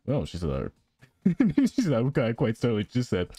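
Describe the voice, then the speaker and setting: A young man giving playful gameplay commentary, reacting out loud and giggling as he plays. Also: mid-range voice, huge pitch swings, normal speed, slightly rough, no echo, soft background music. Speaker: gaming channel host.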